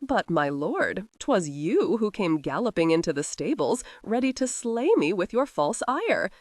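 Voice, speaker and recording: A woman's voice: mid-range voice, very animated, unhurried, darkish tone, no echo, clean studio sound. A woman voicing a witty young noblewoman who talks in a sweetly sarcastic, mock-guilty way. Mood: sly teasing.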